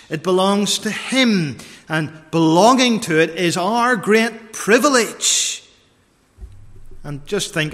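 A man preaching a sermon, deliberate and repeating key phrases for emphasis, recorded in a church. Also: on the high side, bright, forceful tone. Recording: long reverb of a large church.

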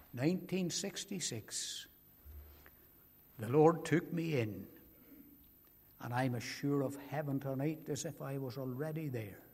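An older man preaches slowly and emphatically, repeating his key phrases as he pleads with his listeners. His voice sits a little high for a man. A long reverb trails each phrase, as in a large hall. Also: a little mellow. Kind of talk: evangelistic sermon.

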